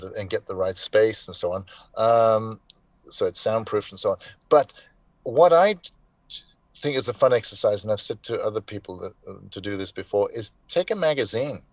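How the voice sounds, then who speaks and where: A man's voice: lowish voice, dry recording. A man in his sixties from South Africa, a voice actor chatting as a guest over a video call, rambling with many fillers and restarts, wry and frank. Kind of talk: casual live interview chat.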